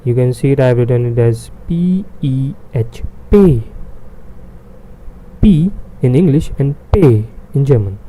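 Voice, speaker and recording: A man's voice: medium pitch, moderate pace, few pauses, mellow, low-quality recording. A man teaching a beginner language lesson, repeating each sound several times with many fillers.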